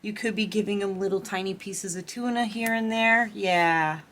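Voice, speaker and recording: A woman's voice: mid-range voice, fairly even intonation, normal speed, a bit bright. A woman giving a casual tarot reading, chatting and giggling as she talks straight to her viewers. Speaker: tarot reader.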